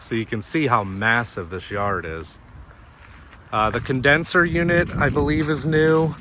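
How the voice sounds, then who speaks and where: A man's voice: mid-range voice, background noise. A man giving a casual walkthrough of a home while carrying the camera, chatty and joking, slightly out of breath from walking. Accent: Texan. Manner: chatty and jokey, points things out in quick lists. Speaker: real estate agent giving a home tour. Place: inside a house and its backyard. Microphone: handheld camera he is carrying.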